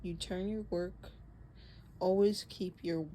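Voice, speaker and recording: A young woman with a slightly low voice talks slowly through a beginner crochet lesson. She sounds casual and chatty, corrects herself and breathes heavily into a close mic. Faint background noise sits under her voice. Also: poor audio. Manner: relaxed, chatty, self-correcting with little laughs. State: breathing hard. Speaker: crochet tutorial host. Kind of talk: casual how-to demonstration. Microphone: close mic picking up breathing.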